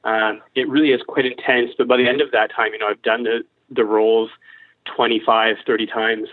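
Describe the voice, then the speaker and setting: A man's voice: mid-range voice, flat delivery, a little fast, no room sound. Man on a tinny phone line. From Nova Scotia, Canada. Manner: thoughtful, many ums and restarts. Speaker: opera tenor, guest. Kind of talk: casual radio interview.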